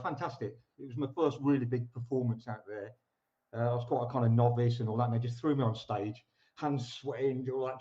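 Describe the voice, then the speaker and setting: A man's voice: mid-range voice, a little mellow, dull audio. A man, a guest shanty singer, chatting casually and enthusiastically on a video call.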